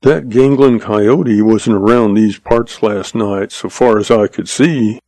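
A man doing a slow-witted blustering sheriff. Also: fairly low pitch, steady tone, warm tone, dry recording. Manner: meek then blustering.

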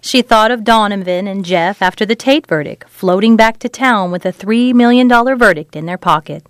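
A woman narrating a novel in an even, measured storytelling read. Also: medium pitch, clean tone, no echo. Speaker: audiobook narrator. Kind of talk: scripted narration.

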